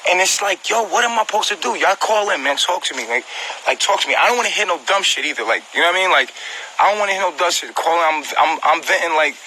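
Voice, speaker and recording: A man's voice: high voice, expressive, fast, bright, forceful tone, a little hiss or hum, low-quality recording. Agitated, upset man venting on a phone livestream. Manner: agitated, repetitive, profane, talks directly to viewers. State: upset and hurt. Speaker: vlogger on a live stream. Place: at home, indoors.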